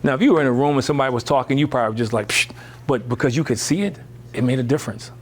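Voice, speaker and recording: A man speaks to parents in a loose motivational talk, leaning on rhetorical questions and casual asides. His voice sits at a middle pitch and climbs when he gets worked up. A faint hiss of noise runs behind him. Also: rapid-fire. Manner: lively, emphatic, rising high when animated; conversational, uses rhetorical questions and "you know".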